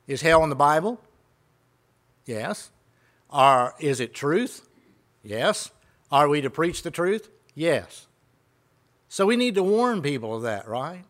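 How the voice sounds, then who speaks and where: Male preacher, somewhat high voice, chatty sermon full of questions to the flock. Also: very animated, takes it slowly, long pauses, a bit bright. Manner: conversational, retells exchanges and asks rhetorical questions.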